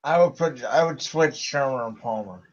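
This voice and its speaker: A man's voice: medium pitch, normal speed, lo-fi sound. A man hosting a casual sports podcast, giving emphatic opinions and announcements. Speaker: podcast host.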